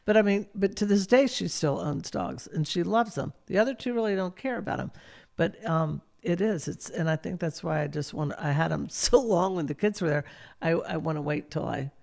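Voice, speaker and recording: A woman's voice: lowish voice, moderate pace, creaky, a little mellow. A middle-aged woman talking casually as a guest, chatty and laughing often as she speaks. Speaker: guest, real estate broker. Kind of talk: casual conversation.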